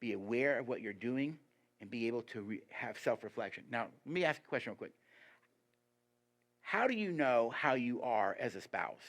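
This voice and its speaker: Emphatic male guest preacher. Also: moderate pace. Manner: asks the congregation rhetorical questions; lively and emphatic, pitch rising on key points. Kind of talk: sermon.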